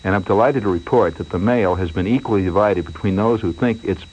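A man's voice: low voice, a little fast, a little mellow, slightly rough, muffled recording. A man hosting a late-night radio show, telling a rambling story in a mock-anxious way and asking listeners to call in.

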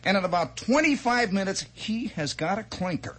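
A man telling a comic childhood story as a monologue, animated and chatty, with asides and mouth sound effects. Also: sits high, moderate pace. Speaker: radio storyteller.

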